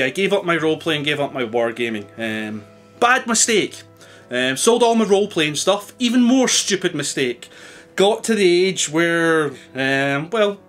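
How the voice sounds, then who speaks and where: Male vlogger, higher-pitched voice, rambling, hesitant, self-deprecating chat over faint music. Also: fairly bright tone. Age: adult, married. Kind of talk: casual vlog answering questions.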